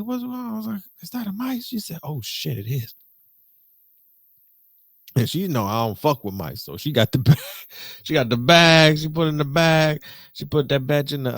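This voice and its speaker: Animated young podcast host. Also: male voice, no room sound, clean studio sound. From Detroit. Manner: animated and slangy, jumps to high excited pitch, mimics voices. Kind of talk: casual solo podcast storytelling.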